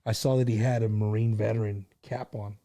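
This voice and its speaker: A man's voice: on the low side, level tone, fairly quick, warm tone. A middle-aged man hosting a casual live stream, chatting and telling stories in an easygoing way, with plenty of "you know" and "man".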